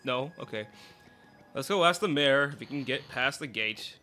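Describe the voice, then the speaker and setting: A woman hosting a casual let's play, chatty and expressive as she reacts to the game. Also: a bass voice, moderate pace. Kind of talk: casual gameplay commentary.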